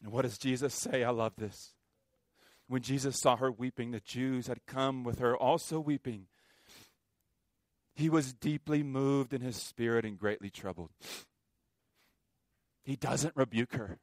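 A man preaching a sermon as a pastor, impassioned, with sharp swings from loud to quiet. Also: mid-range voice, steady tone, unhurried, no echo, studio quality.

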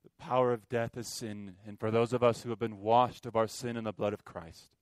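A man preaching a sermon as a pastor, impassioned, with sharp swings from loud to quiet. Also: on the low side, level tone, a little fast, no echo, studio quality.

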